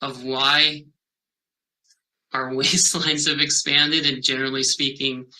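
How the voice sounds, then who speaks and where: A male researcher answers interview questions in a very bright, forward voice. He speaks thoughtfully and haltingly, restarting phrases and filling gaps with "um". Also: mid-range voice, little pitch movement, rough recording. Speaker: health behavior researcher.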